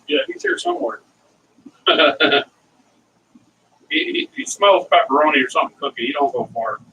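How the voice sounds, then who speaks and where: A chatty middle-aged man talks through a home cooking demo, drifting into stories as he goes. His voice sits a little high and swings up and down. He sounds a bit off-mic, with a faint hum of room noise behind him. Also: pushed and bright, distant mic, lo-fi sound. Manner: rambling, chatty, wandering off into stories. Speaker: cooking vlog host. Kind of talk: casual cooking demonstration, talking to viewers.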